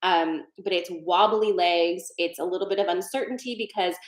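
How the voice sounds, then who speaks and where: A woman's voice: fairly low pitch, normal speed. Chatty woman reading tarot, roomy echo. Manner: chatty and digressive, laughs often. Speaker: tarot card reader hosting a live session. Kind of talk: casual live-stream card reading.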